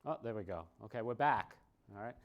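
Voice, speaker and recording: A man with a Boston accent giving a joking conference presentation, wry and self-mocking, often tagging his points with a quick check-in. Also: on the low side, expressive, highs cut off. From Boston, USA. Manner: wry, self-mocking, tags lines with "okay?".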